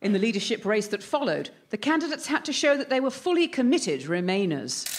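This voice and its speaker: A woman's voice: medium pitch, sing-song, fairly quick, background noise. A woman narrating a comedy news parody in a dry newsreader manner.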